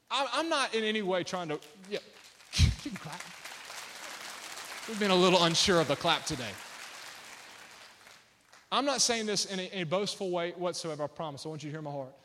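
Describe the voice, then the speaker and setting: A man's voice: sits high, fairly bright tone. A male pastor preaching a sermon to a large church crowd, passionate and building to emphatic peaks.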